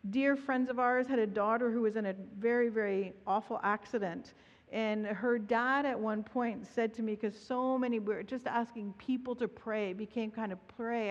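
A woman pastor preaching a sermon in an earnest, reflective way, her voice softening when she voices prayers. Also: fairly high pitch. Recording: dull audio with long hall reverb.

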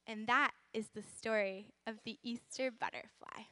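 A woman leading a children's lesson, telling a story in an animated, exclamatory, encouraging way. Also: high-pitched, measured pace, few pauses, no echo, clean studio sound. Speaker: children's teacher.

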